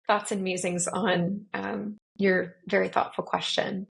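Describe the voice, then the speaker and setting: A woman guest on a faith podcast, a ministry leader, talking in a thoughtful, gentle way. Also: mid-range voice, little pitch movement, measured pace, gravelly, breathy edge. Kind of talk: casual conversation.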